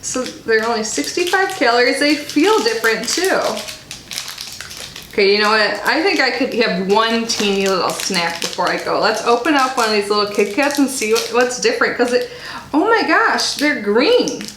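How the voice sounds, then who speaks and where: A chatty woman with a high, bright voice reads snack labels aloud and chats between bites in a casual unboxing vlog. Her voice bounces around an echoey room with faint background noise. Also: animated, normal speed. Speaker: subscription box reviewer. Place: home in Florida.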